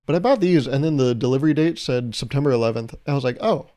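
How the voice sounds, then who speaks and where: A man's voice: medium pitch, quick pace, warm tone. A young man hosting a solo podcast, talking in a loose, rambling, jokey way and chuckling at his own bits. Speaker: podcast host.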